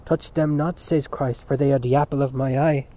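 A man voicing a fierce, devout older woman who scolds in a shrill, raised voice. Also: fairly even intonation, normal speed, warm tone, lightly acted. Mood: scolding. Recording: dull lo-fi recording.

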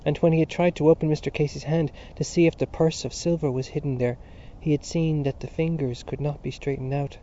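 A man narrating a novel as an audiobook in a measured, even manner, on a dull lo-fi recording. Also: a little high, a little hiss or hum.

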